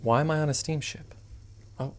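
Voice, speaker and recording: A man's voice: a little high, steady tone, moderate pace. A man streaming a game playthrough, making wry, offhand asides.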